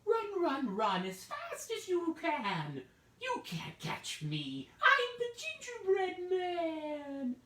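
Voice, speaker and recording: A cheeky gingerbread cookie. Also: male voice, huge pitch swings, slow, heavily acted. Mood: taunting. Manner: high taunting sing-song shout. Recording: roomy, distant from the mic.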